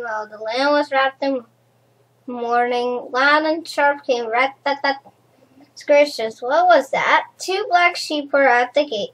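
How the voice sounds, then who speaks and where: A woman reads a rhyming children's storybook aloud at a slow, rhythmic pace. Her voice sits high, and she stumbles over a word now and then. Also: fairly bright tone, rough recording. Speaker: storybook reader.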